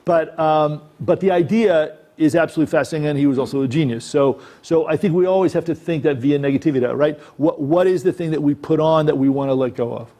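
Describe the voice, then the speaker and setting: A man's voice: fairly high pitch, fast talker, few pauses, warm tone. A man giving a talk on acting, speaking conversationally and checking in with his listeners. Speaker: acting coach. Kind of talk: workshop talk. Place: presentation room.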